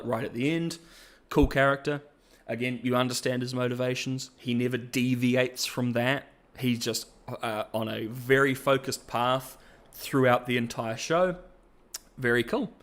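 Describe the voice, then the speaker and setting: A man's voice: mid-range voice, normal speed, fairly bright tone. A man hosting a podcast and reviewing characters in a chatty, jokey way. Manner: chatty and jokey, with playful asides. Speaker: podcast host. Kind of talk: casual podcast-style review.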